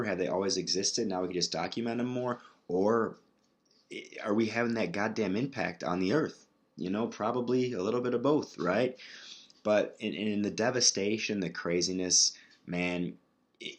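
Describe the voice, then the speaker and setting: Deep-voiced man, rambling and profane. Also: a bit bright. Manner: rambling, profane, restarts often. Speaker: podcast host. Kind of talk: casual solo podcast monologue.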